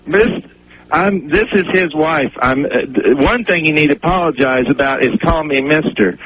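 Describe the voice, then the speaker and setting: A man's voice: fairly high pitch, moderate pace, lightly acted. A man faking an upset wife on a prank call to a radio show, indignant and accusing. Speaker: prank caller. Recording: noisy lo-fi radio broadcast.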